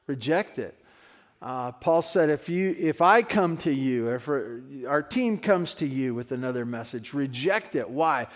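A man's voice: medium pitch, expressive, a little slow. A man preaching a sermon in a conversational way, his voice rising and dropping in level. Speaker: pastor.

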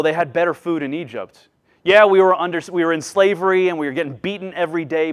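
High-voiced preaching man, dynamic. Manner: earnest, acts out quoted voices, dynamic swings from loud to hushed. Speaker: pastor. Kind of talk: sermon.

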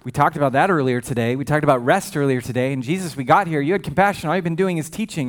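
A male pastor preaching a sermon with a fairly high voice. He talks casually and with humor, often breaking off for asides. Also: fast talker, few pauses. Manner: conversational and humorous, with frequent asides.

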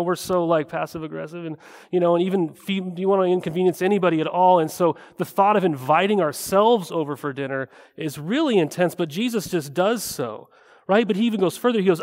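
A man's voice: high voice, brisk, a little mellow, big-room sound. A man preaching a sermon as a pastor, talking in a conversational way and often tossing in rhetorical "right?" asides.

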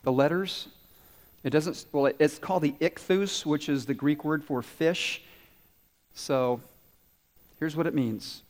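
Animated pastor in a reverberant church. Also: male voice, on the high side, measured pace, long pauses. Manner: animated, asks children questions and answers for them. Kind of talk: children's sermon. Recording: long reverb in a large hall.

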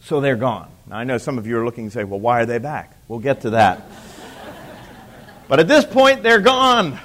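A man's voice: medium pitch, animated, normal speed, a bit bright. A man teaching church history to a live class. He repeats key points for emphasis, asks the room questions and throws in dry teasing asides.

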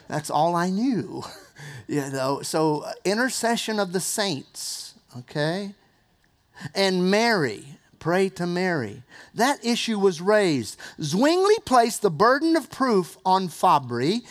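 A man's voice: high voice, big pitch swings, unhurried, a bit bright. A man from South Carolina teaching church history in a conversational lecture, with jokey asides and frequent "uh" fillers. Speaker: Bible teacher.

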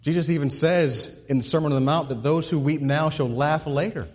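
A male pastor delivers a brisk sermon, his husky, slightly breathy voice echoing at length through the spacious sanctuary. He stacks repeated words to drive toward a point, then lowers his voice softly for the key lines.

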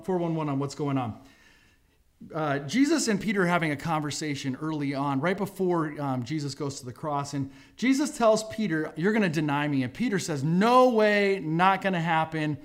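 Lively, conversational male pastor. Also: fairly high pitch. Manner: conversational, acts out quotes with voices. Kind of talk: casual sermon storytelling.

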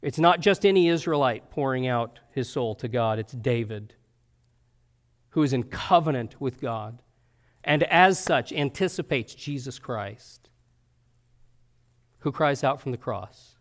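A man preaching a sermon in an earnest, conversational way, often pausing with fillers and asking "right?". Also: medium pitch, animated.

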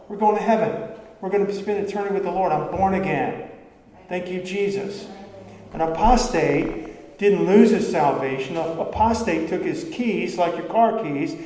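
A man's voice: high-pitched, warm tone. A man preaching a sermon as pastor, earnest and conversational, building to emphatic passages. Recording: echoey hall, faint room ambience.

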